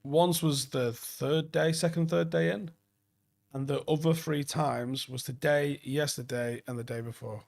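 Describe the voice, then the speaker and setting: A man's voice: on the high side, fairly even intonation, a little slow, vocal fry. A man in his forties hosting a late-night football live stream, chatting loosely, reading out viewer comments and swearing freely. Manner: swears a lot, rambling and enthusiastic.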